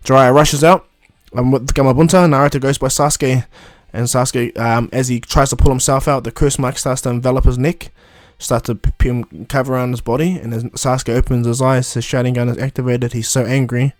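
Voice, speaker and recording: A man's voice: medium pitch, steady tone, a little fast, hardly any pauses, darkish tone, dry recording. Guy retelling a fan story, lots of ums and restarts, mid voice, dry recording. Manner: rambling, many fillers and restarts. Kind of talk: casual retelling.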